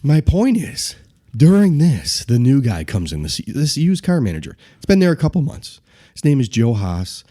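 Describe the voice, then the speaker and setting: A man's voice: medium pitch, moderate pace. A man telling a story on a podcast, with lots of laughter, acting out the people in it. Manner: lively, acts out voices in quotes, laughs often. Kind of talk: animated storytelling.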